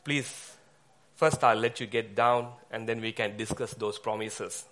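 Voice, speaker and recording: A man voicing God as a calm, patient voice giving instructions. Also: on the low side, unhurried. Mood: instructive.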